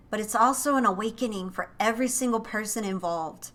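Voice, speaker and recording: A woman's voice: mid-range voice, brisk, few pauses, fairly bright tone. A woman giving an intuitive tarot reading to camera, emotive and often breaking off to exclaim as impressions come to her. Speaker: tarot reader and psychic channel.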